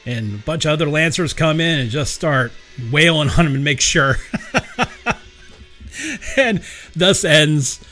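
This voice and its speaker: A man's voice: a little high, measured pace, pauses often, bright, forceful tone, faint music behind. A man hosting his own podcast in a casual, rambling solo monologue, chatting along and laughing at himself. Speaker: podcast host.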